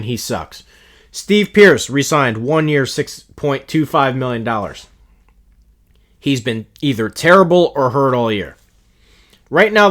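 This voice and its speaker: A man's voice: medium pitch, a bit bright. A man hosting a solo podcast, ranting bluntly and with profanity in an exasperated, offhand way. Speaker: podcast host.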